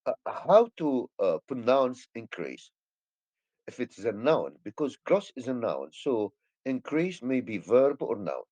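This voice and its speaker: A man's voice: mid-range voice, sing-song, a little slow, dark tone, no room sound. A male English teacher with an Egyptian accent, a native Arabic speaker, explaining grammar hesitantly with many fillers and restarts.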